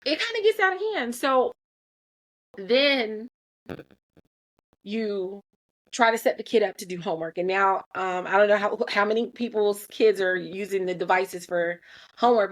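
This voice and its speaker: A woman, a mother in her thirties, speaking candidly and earnestly about parenting, owning up to her own faults with frequent restarts. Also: mid-range voice. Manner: earnest, self-critical, animated with restarts. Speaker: mother sharing parenting reflections. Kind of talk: candid personal talk.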